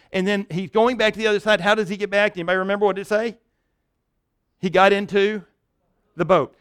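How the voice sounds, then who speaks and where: A pastor with a fairly high, clear and resonant voice preaches from a pulpit, telling his story with building energy and dropping to a soft hush for the tender moments. He often stumbles, repeating words and restarting as he thinks aloud. The recording is dry and close, with no room echo.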